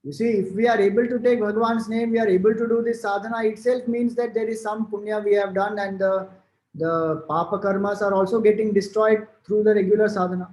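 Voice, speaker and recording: A man's voice: high voice, fairly even intonation, brisk, darkish tone. A man with an Indian English accent giving a devotional discourse, explaining scripture and retelling old stories in a loose, storytelling way. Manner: storytelling, explanatory, with fillers and restarts. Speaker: spiritual teacher. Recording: roomy echo.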